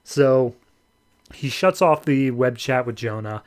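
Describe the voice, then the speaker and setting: A man hosting a comic review podcast, recapping the story in a relaxed, sarcastic way. His voice sits mid-range and sounds chatty and wry. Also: mid-range voice, slow. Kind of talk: casual comic book recap.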